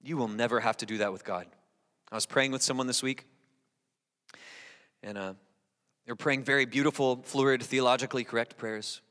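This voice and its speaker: A male pastor giving a conversational sermon, lively and talking straight to the congregation, often restarting and repeating words. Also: medium pitch, moderate pace, pauses often. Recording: long reverb in a large hall.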